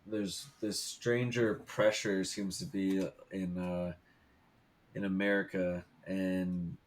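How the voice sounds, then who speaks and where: A man's voice: low-pitched, level tone, takes it slowly. A man hosting a fitness podcast, thinking aloud in a rambling way with many fillers. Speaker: podcast host. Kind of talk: casual podcast interview.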